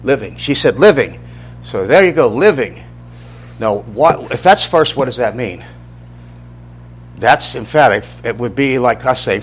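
A man's voice: mid-range voice, animated, measured pace, pauses often, breathy edge. A middle-aged man teaching an informal church Bible class, talking conversationally, asking the class questions and often restarting his sentences.

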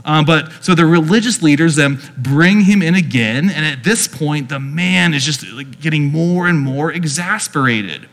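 A man's voice: a little high, normal speed, few pauses, fairly bright tone. A man preaching a casual teaching sermon in a conversational, chatty way, full of filler words. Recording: long hall reverb.

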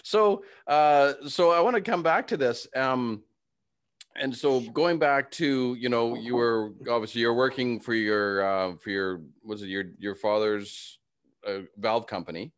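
A man hosting an interview, friendly and quick to laugh, asking long, winding questions. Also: mid-range voice, smooth. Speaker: interview host. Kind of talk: casual interview.

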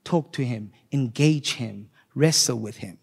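A man delivers a sermon to a live congregation, his middle-pitched voice climbing into loud, fervent peaks before sinking low and quiet as he reads. The sound rings with the long reverb of a large hall. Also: measured pace, vocal fry, breathy edge. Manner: swings from loud impassioned rises to quiet, low reflective delivery. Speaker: pastor.

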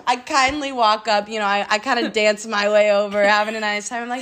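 A young woman from the American Midwest co-hosting a casual chat, retelling a night out with animated, laughing delivery. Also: fairly high pitch, fairly quick, hardly any pauses, background noise. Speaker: podcast co-host.

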